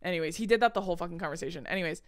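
A young woman co-hosting a podcast, telling a story in animated casual chat with swearing and laughter. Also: lowish voice, very fast. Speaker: podcast co-host.

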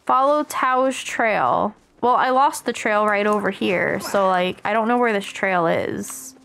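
An American woman streaming a game, chatting excitedly with her viewers as she plays. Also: medium pitch, moderate pace, creaky, slight background noise. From United States. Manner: chatty, excitable, talks to chat while playing. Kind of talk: casual live-stream chat while gaming.

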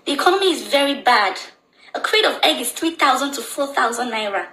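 A woman's voice: high voice, expressive, fairly quick, sharp tone, reverberant, poor audio. A young Nigerian woman with a Nigerian accent talks anxiously in a social media video, repeating her phrases again and again.

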